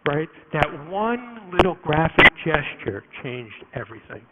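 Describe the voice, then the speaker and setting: A man giving a live conference talk to an audience, animated and jokey, with quick asides and many restarts. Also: a little high, narrow, tinny audio, heavy background noise. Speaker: conference speaker. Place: conference room before an audience.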